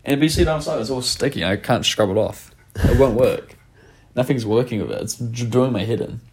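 A man's voice: mid-range voice, fairly quick, slightly rough. A young man from New Zealand, his accent tinged with Australian, co-hosting a podcast in casual sweary banter, rambling with lots of restarts. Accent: New Zealand, slightly Australian. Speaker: podcast co-host. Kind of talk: casual chat.

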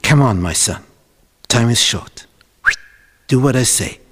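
A man voicing a clever mother who urges her son on in a hushed, coaxing voice. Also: medium pitch, expressive, a little slow, slightly rough, long reverb tail. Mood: urgent. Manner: urgent, coaxing, half-whispered. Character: clever scheming mother Rebecca, hushed and urgent.

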